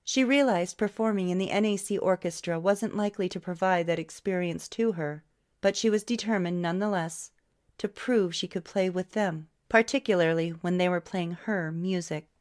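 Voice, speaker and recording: Female audiobook narrator, slightly low pitch, reads all the roles herself. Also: normal speed, darkish tone. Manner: reads every character's lines herself. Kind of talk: scripted narration.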